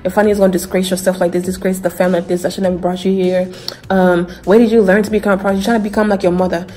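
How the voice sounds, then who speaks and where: A man's voice: sits high, little pitch movement, racing, mellow, close to an everyday voice. A woman voicing a stern older grandfather who lectures and repeats himself with disapproval. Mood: scolding. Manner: lecturing, repetitive.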